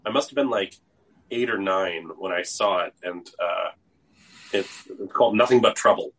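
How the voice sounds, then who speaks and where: A man co-hosting a podcast in casual chat, halting and hesitant as he talks. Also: deep voice, fairly bright tone, slightly rough, low-quality recording. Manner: hesitant, many fillers and restarts. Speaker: podcast co-host.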